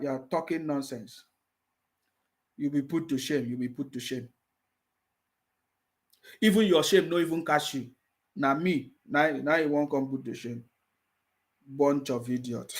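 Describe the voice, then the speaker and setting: A man's voice: fairly high pitch, sharp tone. A man with a Nigerian English accent hosting a live stream, reading viewer comments and scolding his critics with repeated mocking taunts. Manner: reads viewer comments aloud.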